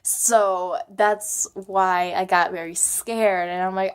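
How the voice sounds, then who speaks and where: Slow, giggly young woman storyteller. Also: on the low side, steady tone, clear, resonant tone. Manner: chatty, giggly, full of "like" and "um". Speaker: vlogger. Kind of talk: casual storytelling.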